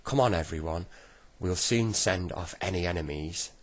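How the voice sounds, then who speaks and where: A man voicing an eager, brave young boy, speaking brightly and urgently. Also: sits low, moderate pace.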